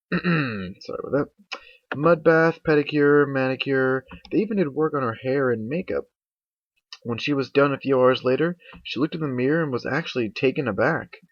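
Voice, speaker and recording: Lively young man reading fanfic. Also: medium pitch, no room sound. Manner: lively, with slips and asides. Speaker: fanfic reader. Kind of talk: amateur story reading. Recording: dull lo-fi home mic.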